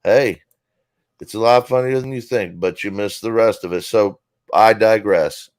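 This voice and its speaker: A man's voice: on the low side, measured pace, darkish tone, no room sound. A man telling a rambling, profane comic story on a casual talk show. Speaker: guest comedian.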